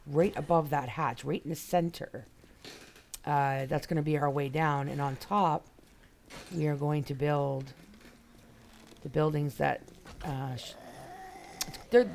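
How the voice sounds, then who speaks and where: A woman game streamer plays while chatting casually with her viewers, rambling and greeting people by name. Her voice is low-pitched and a little mellow, with vocal fry, a slightly slow pace, and long pauses. There's slight background noise.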